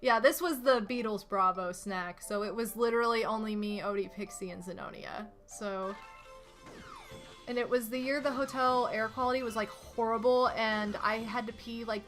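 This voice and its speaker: A young woman streaming a video game from home, chatting casually and telling stories to her viewers in an animated, rambling way. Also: medium pitch. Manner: chatty, animated storytelling with lots of "like" and laughs. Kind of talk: casual gaming stream chat. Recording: game music faintly behind.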